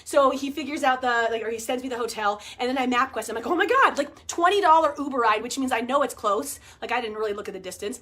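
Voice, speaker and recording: A woman in her forties chatting to her viewers, telling a story in an animated way, laughing and swearing casually. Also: on the high side, fast, hardly any pauses. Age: 40s. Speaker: vlogger. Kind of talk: casual chat to camera.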